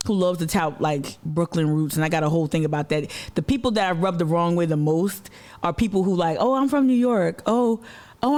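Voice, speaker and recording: A man with a Southern US accent giving blunt, casual commentary as an activist host, cursing and mocking others' voices. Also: on the high side. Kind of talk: casual commentary on a played clip.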